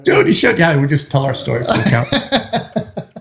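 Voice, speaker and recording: A man's voice: a little high, normal speed, vocal fry, husky. A man, a firefighter, telling his story in a casual chat, joking and acting out what people said. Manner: animated, joking, acts out quotes. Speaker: firefighter guest.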